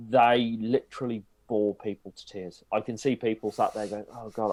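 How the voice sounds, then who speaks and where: A man's voice: mid-range voice, a little mellow. A man from the Black Country with a Black Country accent, a podcast guest and event presenter who tells stories in casual chat and acts out other people's voices. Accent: Black Country English. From Black Country, England.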